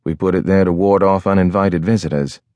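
A man doing a quiet, rugged sea captain. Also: fairly even intonation, a little fast, dry recording, muffled recording, natural voice. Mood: wry. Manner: quiet authority, low and intimate. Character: rugged older sea captain, calm and commanding. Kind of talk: audiobook character voice.

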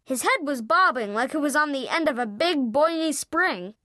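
An audiobook narrator telling a children's story in the first person, lively and expressive. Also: sits high, normal speed, no echo, studio quality.

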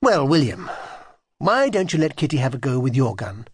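A man's voice: mid-range voice, very animated, moderate pace, husky, no echo, studio quality. A man voicing a bossy, matter-of-fact older girl in a children's audiobook. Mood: reproving.

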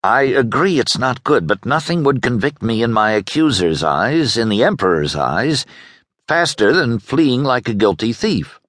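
A man voicing a stubborn, principled soldier in an audiobook, calm and firm. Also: medium pitch, unhurried, dry recording, clean studio sound, voice pushed up. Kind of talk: audiobook character voice.

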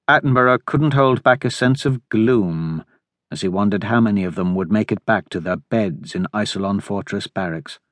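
A man narrating an audiobook in measured, steady storytelling in a recording studio. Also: fairly low pitch, dry recording. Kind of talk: scripted narration. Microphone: close studio mic.

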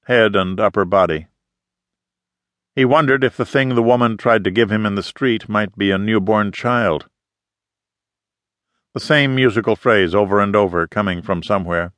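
A man narrating a literary audiobook in a measured, scripted reading. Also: fairly low pitch, fairly bright tone, dry recording. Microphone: close studio mic.

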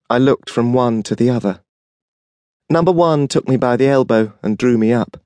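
A man narrating a first-person audiobook, with an expressive, wry, emotive reading. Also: medium pitch, moderate pace, dry recording, studio quality.

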